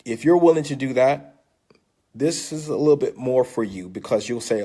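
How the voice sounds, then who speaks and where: A man's voice: medium pitch, expressive, normal speed, mellow, breathy edge. An older man talking into his phone camera in a casual vlog, coaxing and salesy, and often checking in with his listeners. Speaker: vlogger pitching an investment. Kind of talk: casual persuasive vlog talk.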